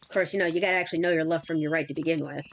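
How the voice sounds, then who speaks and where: A woman's voice: sits low, steady tone, rapid-fire. A woman in her thirties chatting casually and rambling with fillers while streaming a game. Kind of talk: casual chat while gaming.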